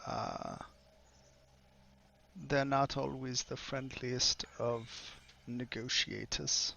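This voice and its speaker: A man's voice: medium pitch, steady tone, vocal fry, sharp tone, muffled recording, pitched above the performer's own voice, full character voice. A man voicing a hesitant male scholar. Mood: deferential. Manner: halting, filler-heavy speech.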